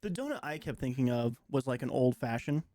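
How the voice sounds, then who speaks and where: A man's voice: medium pitch, lively intonation, a little fast, warm tone, dry recording, studio quality. A man co-hosting a live stream, rambling casually with lots of fillers. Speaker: stream co-host. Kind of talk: casual chat.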